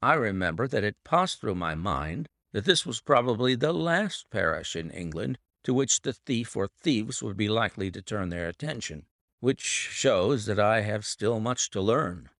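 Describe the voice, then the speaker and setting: A man's voice: on the low side, sing-song, a bit bright, no echo, clean studio sound, full character voice. A man reading as a shrewd, musing detective. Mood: thoughtful. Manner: measured, musing. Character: shrewd, thoughtful male detective, middle-aged.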